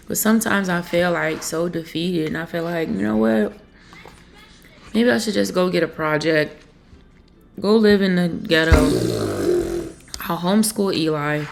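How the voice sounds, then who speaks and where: A young mother from Pennsylvania speaking in a confessional vlog, emotional and halting, with many fillers. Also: on the low side, vocal fry. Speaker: vlogger and mother.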